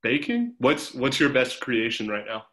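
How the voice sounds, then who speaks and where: A man's voice: medium pitch, very animated, normal speed, fairly bright tone. A young adult man coaching swimmers over a video call, casual and encouraging with some teasing. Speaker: swim coach.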